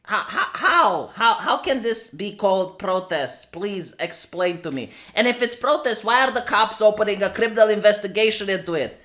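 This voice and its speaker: A woman's voice: medium pitch, lively intonation, moderate pace, a bit bright. A woman from Romania giving an exasperated, sarcastic commentary rant, reading out posts and repeating herself. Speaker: commentary streamer. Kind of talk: ranting commentary reading tweets.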